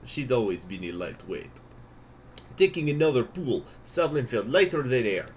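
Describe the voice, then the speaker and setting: A man's voice: mid-range voice, very animated, normal speed, slight background noise, lightly acted. A man reading game event text aloud in a put-on Russian accent, in a theatrical storytelling manner. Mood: dramatic.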